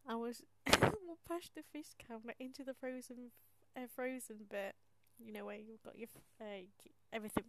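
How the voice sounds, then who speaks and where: A woman's voice: fairly high pitch, moderate pace, very noisy. A woman hosting a casual monologue, chatty and self-mocking, often half-whispering, laughing and swearing as she tells her story. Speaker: podcast host.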